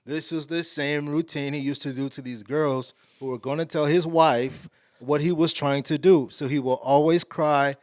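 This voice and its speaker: Animated man telling a story, dry sound. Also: normal speed, hardly any pauses, no room sound. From Alief, Houston, Texas. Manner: animated, slangy, getting louder and higher as the story builds. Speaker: podcast guest. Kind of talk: casual storytelling.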